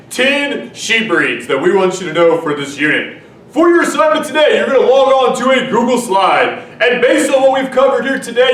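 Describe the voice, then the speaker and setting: A man's voice: high-pitched, fairly bright tone. Brief: man voicing an upbeat teasing announcer, heard from across a roomy space. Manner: playful announcer delivery, handing off to segments. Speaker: agriculture teacher. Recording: roomy, distant mic, faint noise.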